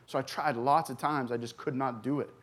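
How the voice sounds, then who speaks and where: A man's voice: medium pitch, fairly even intonation, a bit bright. Earnest man giving church testimony. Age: 40s. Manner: earnest, halting with many fillers and restarts. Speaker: recovery ministry pastor. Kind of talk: personal testimony from the stage. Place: church stage.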